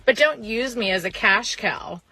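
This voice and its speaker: A woman's voice: a little high, animated, a little slow, pushed and bright, rough recording. A woman in a profane, sarcastic rant to her camera.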